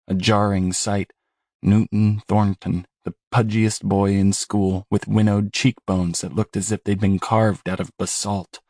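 A man narrating a horror novel as an audiobook, in a measured, grave and steady delivery. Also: lowish voice, dry recording, studio quality.

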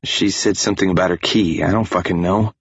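A man's voice: low-pitched, steady tone, a little fast, breathy edge, no room sound, dull audio. A man voicing a sleepy young man who is grumpy and ashamed, slurring and mumbling. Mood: upset.

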